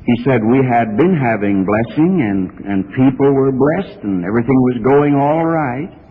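A middle-aged male preacher tells a story in a church sermon, his mid-range voice lively in intonation and at normal speed. He is earnest and grows more fervent as he goes. The archival recording is phone-like and reverberant, with slight background noise.

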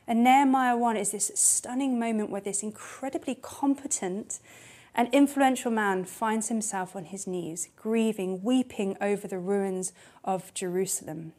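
A woman preaching a candid, personal sermon, dropping to hushed tones at times. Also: mid-range voice, measured pace.

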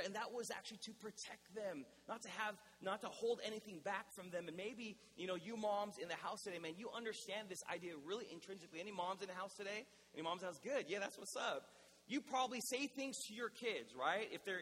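A young man preaching as a pastor in a casual, conversational style, shifting between animated emphasis and softer, intimate moments. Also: sits high. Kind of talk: sermon. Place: church hall. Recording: reverberant church hall.

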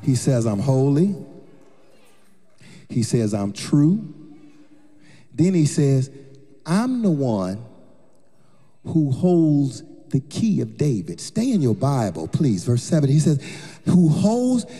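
A man's voice: medium pitch, big pitch swings, takes it slowly, pauses often, warm tone. A male pastor preaching a rousing sermon in a church, chanting and hollering with call-and-response. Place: church sanctuary. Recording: long church reverb with music behind.

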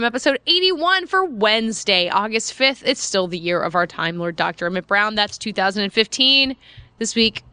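A woman's voice: mid-range voice, lively intonation, moderate pace, bright, forceful tone, clear, resonant tone, no room sound. A woman hosting a movie podcast, opening the show in a wry, upbeat way. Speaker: podcast host. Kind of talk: casual chat.

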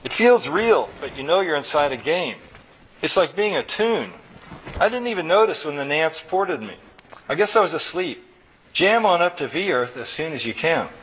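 A man's voice: on the high side, sing-song, normal speed, fairly bright tone, dull audio, slight background noise, voice pushed up. A man reading aloud, voicing an eager young boy. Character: excited young boy, friend.

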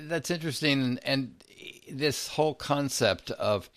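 A man hosting an interview, asking measured, thoughtful questions about parenting. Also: medium pitch, fairly bright tone, dry recording. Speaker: interview host.

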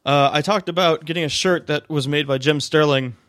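Male podcast host, casual and rambling, slightly raised pitch, dry sound. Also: fairly even intonation, fairly quick, fairly bright tone, no room sound. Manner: rambling, joking, lots of fillers and restarts. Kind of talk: casual chat. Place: home room, on a video call. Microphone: desk microphone.

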